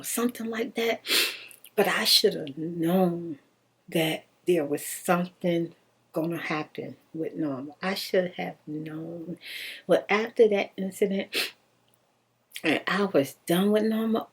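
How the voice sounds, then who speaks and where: A woman casually telling a personal story in an animated, slangy way, laughing often. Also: on the low side, a little slow, breathy edge.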